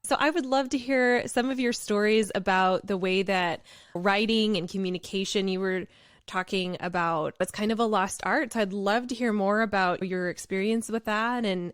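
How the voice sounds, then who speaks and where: A woman's voice: mid-range voice, clean tone, no room sound. Upbeat woman podcast host, encouraging, dry close mic. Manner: enthusiastic, encouraging. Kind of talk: interviewing a guest.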